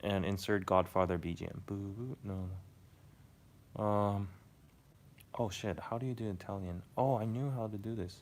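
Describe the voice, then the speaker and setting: A man's voice: lowish voice, steady tone, a little slow, long pauses, a little hiss or hum. A man casually chatting to his viewers during a live stream, rambling and hesitant and swearing now and then. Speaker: live streamer reading chat.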